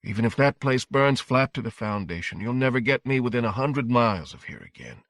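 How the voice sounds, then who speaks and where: A man voicing a calm, kindly older man. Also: mid-range voice, no echo, clean studio sound, voice pushed up. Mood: reassuring. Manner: calm, slow and reassuring. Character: steady, kindly older male cook.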